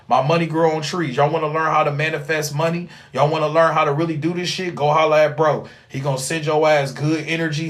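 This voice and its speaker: A young man delivering a rambling, profane spiritual monologue, animated, with sudden loud outbursts. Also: a little high, fast, few pauses. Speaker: spiritual vlogger.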